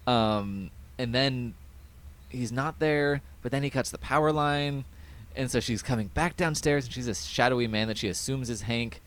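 A man hosting a podcast, casually recapping an episode in a rambling way with many fillers and quick quoted voices. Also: mid-range voice, a bit bright, smooth. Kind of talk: casual chat.

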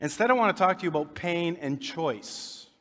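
Male pastor, folksy and joking, slightly high voice, church hall reverb. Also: lively intonation, moderate pace, fairly bright tone. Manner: folksy, joking, conversational preaching. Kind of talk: sermon. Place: church sanctuary.

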